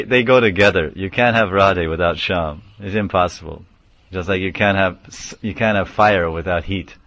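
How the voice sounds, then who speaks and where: Male spiritual teacher, lowish voice, explains terms, chants verses in a class. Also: brisk, fairly bright tone. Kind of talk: scripture class.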